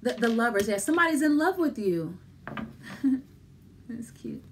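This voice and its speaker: Her voice sits a little high, with lively intonation and an unhurried pace, over a faint hiss or hum. This tarot reader casually muses aloud while drawing cards, repeating herself and reassuring the listener directly.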